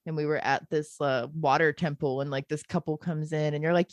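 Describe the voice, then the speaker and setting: A woman with a somewhat low voice chats on a podcast in long, lively run-on stories. She leans easily into laughter, and the sound is close and dry. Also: a little fast, hardly any pauses, no echo. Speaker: podcast co-host. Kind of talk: casual chat.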